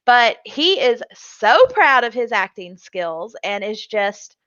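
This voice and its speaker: A woman's voice: fairly high pitch, very animated, slow pace, a bit bright, dry recording. A woman co-hosting a casual chat show, chatty, who laughs often and acts out what others said. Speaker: co-host. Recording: dull lo-fi sound.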